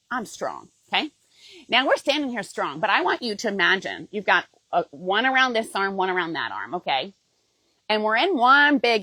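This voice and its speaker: Middle-aged coach lady, heartfelt and emotional, lively up-and-down voice, keeps saying okay. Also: mid-range voice, dry recording, poor audio. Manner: emotional, says "okay?" often. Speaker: fitness program coach. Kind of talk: heartfelt direct-to-camera pitch.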